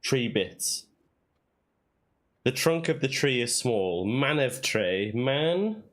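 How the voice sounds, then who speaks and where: A man's voice: medium pitch, sing-song, slow, a bit bright. A man streaming a puzzle game, thinking aloud and sounding out made-up words in a casual way. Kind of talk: casual let's-play commentary.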